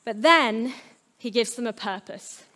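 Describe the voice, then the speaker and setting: A woman's voice: a little high, unhurried, bright, forceful tone. A woman giving a sermon, earnest and storytelling, with playful asides. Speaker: preacher.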